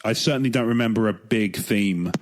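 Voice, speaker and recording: A man's voice: fairly low pitch, brisk, a little hiss or hum. A man co-hosting a podcast, chatting casually and rambling with frequent restarts. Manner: rambling, hesitant, restarts often. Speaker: podcast co-host.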